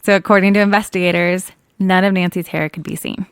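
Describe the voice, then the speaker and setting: A woman's voice: lowish voice, fairly even intonation, fast talker, clear, resonant tone, dry recording. A woman co-hosting a podcast, casually retelling a case in a chatty way that is full of small corrections. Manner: chatty, laughs often, self-correcting. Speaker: true crime podcast co-host.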